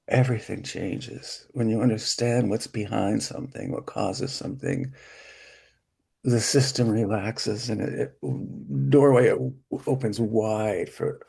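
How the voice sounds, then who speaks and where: A middle-aged man with a gentle, hesitant, gravelly voice, leading a therapy session demonstration with many restarts. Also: mid-range voice. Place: symposium hall, hybrid session.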